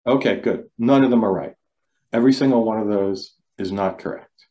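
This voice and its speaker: Lecturer, male, lowish mellow voice, loose delivery with restarts, quizzes his audience over a video call. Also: normal speed, dull audio. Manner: loose, repeats words, asks the audience questions. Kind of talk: online talk to a club.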